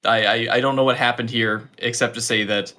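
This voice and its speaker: Sly deadpan man at a game table. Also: mid-range voice, fairly quick. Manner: sly, deadpan in-character remarks. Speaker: player. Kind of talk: tabletop game role-play.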